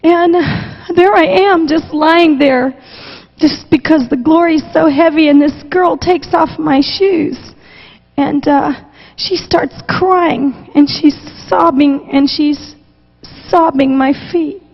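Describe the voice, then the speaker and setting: A woman's voice: high-pitched, slow pace. A woman missionary preacher giving an emotional testimony sermon, passionate and repetitive, close to tears at times. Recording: dull recording with long hall reverb.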